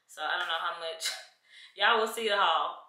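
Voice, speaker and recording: A woman's voice: fairly low pitch, moderate pace, bright, forceful tone, a little hiss or hum, poor audio. A young woman, chatting casually to the camera in a vlog and complaining to her viewers. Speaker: vlogger.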